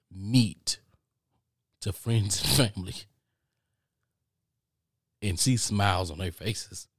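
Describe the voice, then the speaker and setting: A low-voiced middle-aged man from the United States rants through a casual podcast monologue. He keeps circling back to the same points and swears freely. His voice is close and dry, with no room sound. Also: no room sound. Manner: animated, repetitive ranting, swears. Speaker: podcast host.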